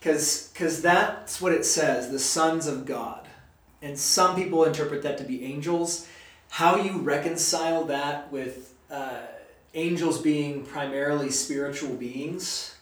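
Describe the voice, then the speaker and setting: A man's voice: on the high side, unhurried, a bit bright. Guy chatting through a bible study, loose and rambly, sounds far off in a big echoey room. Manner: chatty, rambling, uses fillers. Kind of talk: casual Bible study teaching. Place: church meeting room. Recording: echoey room, distant mic.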